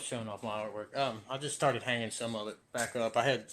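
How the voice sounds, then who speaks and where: A man, a guest on a phone video call, talking loudly and rambling with jokes. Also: mid-range voice, steady tone, fast talker, slight background noise. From Kentucky. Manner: loud, rambling, jokey. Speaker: guest, artist. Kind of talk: casual chat.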